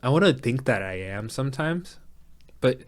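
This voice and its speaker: A man's voice: mid-range voice, lively intonation, normal speed, a little hiss or hum. A young man co-hosting a podcast in casual chat, rambling with restarts and swearing freely. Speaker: podcast co-host.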